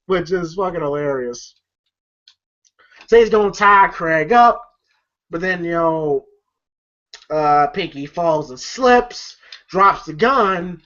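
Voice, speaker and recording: A man's voice: high-pitched, a bit bright. A man casually recapping a movie in a vlog review, rambling and profane and full of fillers. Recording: dull lo-fi recording.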